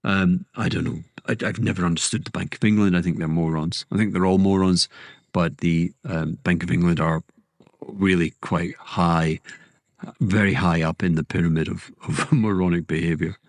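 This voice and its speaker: Deep-voiced man rambling about markets. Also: fairly even intonation, moderate pace, no room sound, studio quality. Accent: Scottish. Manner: rambling, self-interrupting, with sudden emphatic outbursts. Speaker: podcast host. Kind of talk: casual monologue on markets.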